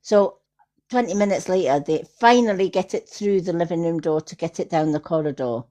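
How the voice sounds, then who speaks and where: A woman's voice: on the low side, brisk, dark tone. A woman hosting a live stream, telling chatty anecdotes. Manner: chatty anecdotes with frequent laughter. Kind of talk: casual chat, storytelling. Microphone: phone or computer on a live stream.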